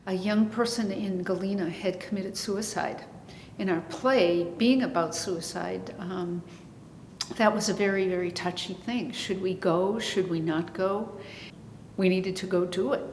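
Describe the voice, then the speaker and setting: A woman speaks in a measured, somber way in an interview. The room gives a long hall echo, and a faint rumble sits underneath. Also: fairly even intonation, darkish tone. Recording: echoey hall.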